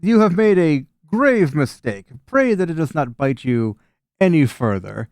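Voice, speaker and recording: A man's voice: a little high, big pitch swings, unhurried, a little mellow, no room sound, studio quality, pitched above the performer's own voice. A man voicing unseen forest voices that give a solemn, raised warning. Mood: ominous.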